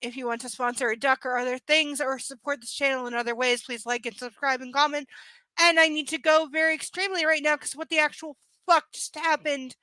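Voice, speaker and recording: A woman's voice: high-pitched, steady tone, brisk, sharp tone, no room sound, poor audio. A woman doing a live book reading with sarcastic, profane, exasperated commentary. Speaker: livestream book reader.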